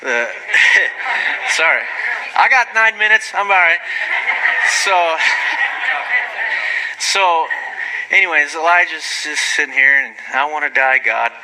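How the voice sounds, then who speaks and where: A man giving an informal, rambling sermon, full of asides and quick apologies, rising sharply when he gets excited. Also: a little high, slight background noise, rough recording. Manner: rambling, self-deprecating, frequent asides and apologies; animated, voice jumping up when excited. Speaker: lay preacher.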